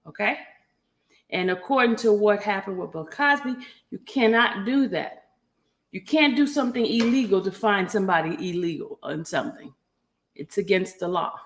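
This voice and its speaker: A woman's voice: mid-range voice, normal speed, pauses often. A woman hosting a casual livestream, chatting with viewers by name and reading documents aloud, stopping now and then to cough. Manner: chatty, greets viewers by name, apologetic asides. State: coughing, catching her breath. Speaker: livestream host.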